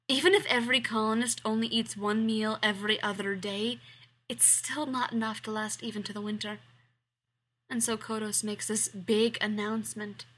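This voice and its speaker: A woman reading fan fiction aloud, expressive and sometimes dropping to a whisper. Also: on the high side, slightly rough, rough recording. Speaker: fiction reader.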